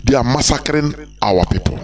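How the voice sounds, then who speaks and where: A man's voice: mid-range voice, lively intonation, normal speed. A man giving an impassioned live broadcast, emphatic and repetitive, firing rhetorical questions at his listeners.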